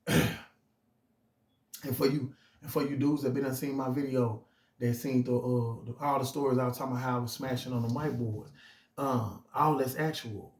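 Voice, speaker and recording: A man's voice: medium pitch, a little mellow. A middle-aged man telling his own story in casual, emphatic street slang, often restarting his phrases. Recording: roomy echo.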